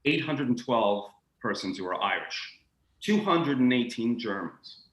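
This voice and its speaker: A man talking about the history of accents as a guest, animated and expressive, often restarting his sentences. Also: medium pitch, echoey room, lo-fi sound. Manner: expressive, acts out accents in quick asides; frequent restarts and stammered repeats. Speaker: guest speaker on linguistics. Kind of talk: animated conversational lecture.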